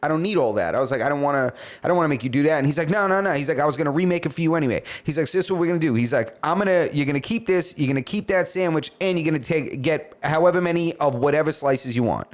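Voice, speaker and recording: Animated man telling a story. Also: on the high side, very fast, hardly any pauses. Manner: animated, swearing, acts out dialogue. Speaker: podcast co-host. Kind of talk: casual storytelling chat.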